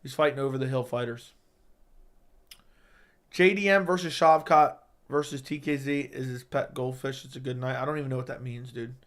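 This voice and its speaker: A man hosting a casual livestream, reading viewer questions out loud and answering them in a chatty, joking way. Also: mid-range voice, moderate pace. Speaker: livestream host.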